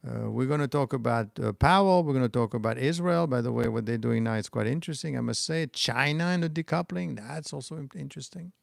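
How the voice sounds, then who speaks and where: A man's voice: mid-range voice, quick pace, vocal fry, few pauses, no room sound, studio quality. A middle-aged man with a French accent, hosting a stock market livestream in a loose, rambling way and answering chat comments. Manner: rambling, restarts, talks back to chat comments. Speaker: stock market channel host.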